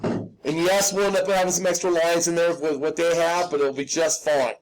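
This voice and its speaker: High-voiced man teaching a drawing class. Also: little pitch movement, normal speed, rough recording. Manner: patient, reassuring, checks in with class. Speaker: drafting instructor. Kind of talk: step-by-step drawing lesson. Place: classroom with live students and video viewers.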